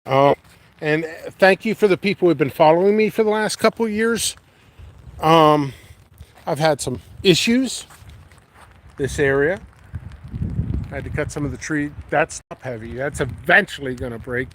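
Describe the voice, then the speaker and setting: A man's somewhat high, slightly bright voice moves at a moderate pace as he hosts a casual walking vlog in his windy backyard. He's a pepper grower and channel host, rambling easily and thinking aloud amid light wind and outdoor noise.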